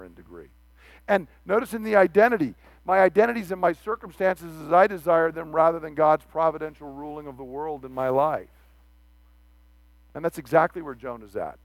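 A man preaching a sermon, animated, acting out the quoted speech of the figures he reads about. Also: on the high side, no room sound.

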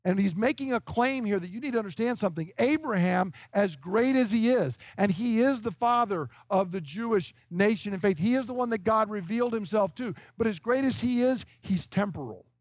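A man in his fifties with a fairly high voice, recorded dry and close, preaching an expository sermon. He explains point by point and keeps asking his hearers "okay?". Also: lively intonation, normal speed, few pauses, darkish tone, no echo. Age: 50s. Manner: emphatic, explanatory, checks in with "okay?". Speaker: preacher teaching scripture.

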